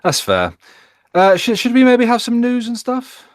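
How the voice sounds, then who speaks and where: A man's voice: very high-pitched, a little slow, no echo. Chatty British man, dry close sound. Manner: rambling, stammering repeats, animated retellings. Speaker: podcast co-host. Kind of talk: casual chat.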